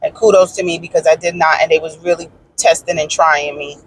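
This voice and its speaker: A woman in her thirties, talking casually to her viewers from inside a car, animated and frank with swearing, swinging from exasperated rants to easy storytelling. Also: deep voice, brisk, a little hiss or hum, rough recording. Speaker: vlogger.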